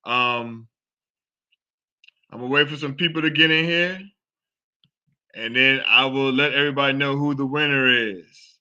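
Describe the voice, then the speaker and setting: A man hosting a live sports talk show, chatting casually and excitedly, repeating himself as he rambles. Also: medium pitch, a little slow, pauses often, clear, resonant tone, lo-fi sound. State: out of breath. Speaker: show host.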